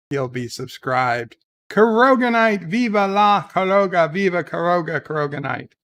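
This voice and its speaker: Gravelly man hosting a live chat stream. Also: a little high, a bit bright. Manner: chatty, rambling, reads viewer comments aloud.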